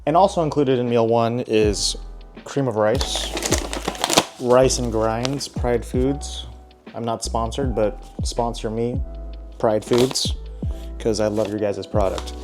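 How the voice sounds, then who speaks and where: Over background music, a young adult fitness vlogger narrates his day of meals in a casual, upbeat way, tossing in joking asides. His voice is medium-pitched and his pace measured.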